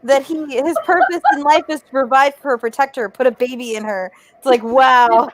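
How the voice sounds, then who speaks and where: A woman's voice: sits high, normal speed, no echo, rough recording. A woman from Ohio chatting in an easygoing way on a casual video call. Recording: faint background noise.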